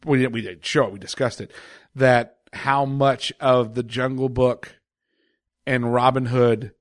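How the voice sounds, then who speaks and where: A man's voice: mid-range voice, steady tone, measured pace, dry recording. A man co-hosting a casual podcast chat, chuckling often as he talks. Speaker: podcast co-host.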